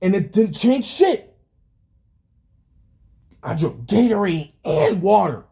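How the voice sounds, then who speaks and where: A young man rants into the camera, yelling and cursing as he vents his frustration. His voice sits high for a man and lurches up and down in pitch with every outburst. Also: creaky. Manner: yelling and swearing, venting frustration. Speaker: vlogger. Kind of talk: angry rant vlog.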